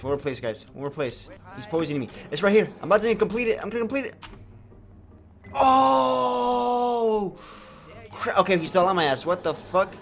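A young man giving comedic, joking commentary over a video game, often breaking into loud sworn outbursts. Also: mid-range voice. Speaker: gaming YouTuber.

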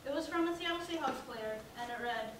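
A woman's voice: sits high, a little fast. A young woman giving a personal talk at a student event, humorous and sarcastic, poking fun at herself. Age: young adult. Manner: humorous, self-mocking, sarcastic. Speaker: student speaker. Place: lecture hall at a campus event. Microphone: not using the mic. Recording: very echoey hall, distant from mic, noisy.

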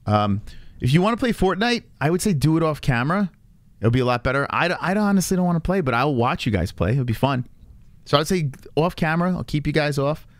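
A man's voice: fairly high pitch, very animated, fast, dry recording. A man in his thirties hosting a casual livestream chat, rambling with fillers and restarts and swearing freely. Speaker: streamer host.

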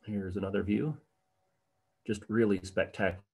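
A man's voice: lowish voice, steady tone, normal speed, vocal fry, husky, highs cut off. A man presenting an art history livestream to his viewers, speaking conversationally with frequent ums and uhs and taking questions from the chat. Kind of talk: livestream slideshow lecture.

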